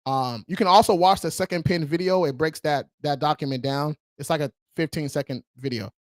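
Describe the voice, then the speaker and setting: A man's voice: a little high, fairly quick, no room sound, studio quality. A man hosting a casual livestream, talking in a slangy, hyped-up way and calling viewers bro. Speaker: credit repair livestream host.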